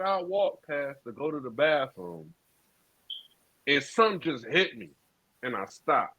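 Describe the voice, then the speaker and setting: Man telling a profane, animated story. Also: medium pitch, a little slow, pauses often. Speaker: podcast co-host. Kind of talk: casual storytelling. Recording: dull lo-fi sound.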